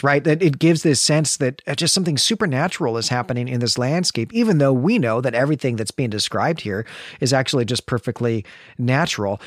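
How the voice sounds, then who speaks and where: A man's voice: medium pitch, no room sound, clean studio sound. A man co-hosting a podcast, who reads a passage aloud and then discusses the writing in a thoughtful, analytical way. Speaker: podcast co-host. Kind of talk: literary discussion with read passage.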